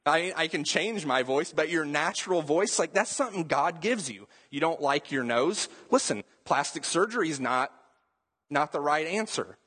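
A man's voice: fairly high pitch, animated, moderate pace, fairly bright tone, breathy edge. A young adult man, a pastor, preaching a sermon in a casual, conversational way with joking asides.

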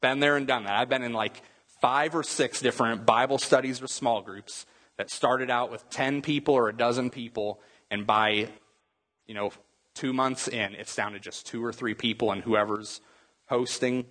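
A man's voice: medium pitch, fairly even intonation, normal speed, a bit bright. A middle-aged man preaching a sermon, telling stories in a conversational way with lots of fillers. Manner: storytelling, conversational with many fillers. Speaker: pastor.

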